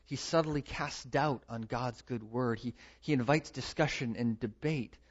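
A man preaching a sermon, emphatic, building to loud stresses and repeating his words. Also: mid-range voice, measured pace. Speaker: pastor. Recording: dull lo-fi recording.

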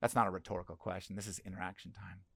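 A man's voice: low-pitched, level tone, rapid-fire, creaky, a bit bright, slightly rough, no echo, studio quality. A middle-aged male pastor giving a conversational sermon and asking the congregation questions.

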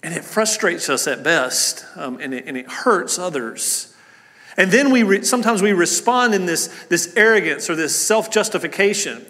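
A man's voice: sits high, expressive, moderate pace, sharp tone. A man preaching as a pastor at a church service, starting with a prayer and then talking in an earnest, conversational way, with many fillers and restarts. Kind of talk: sermon with opening prayer. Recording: long church hall reverb.

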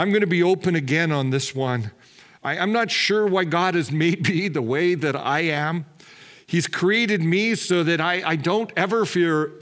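Man preaching with slow, weighty pauses. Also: fairly bright tone. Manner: measured, slowing and dropping low on key words; candid, self-deprecating asides with light laughs. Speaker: pastor. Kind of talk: sermon.

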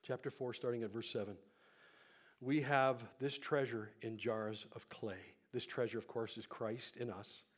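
Preaching to a church congregation, this pastor has a mid-range voice with a steady tone. His delivery moves from hushed, unhurried moments to loud, passionate climaxes, with heavy breaths caught by the microphone.

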